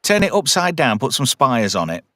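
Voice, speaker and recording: A man's voice: medium pitch, very animated, normal speed, a crowd in the background. A man hosting a casual film review chat, animatedly retelling scenes and humming theme tunes. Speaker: podcast host.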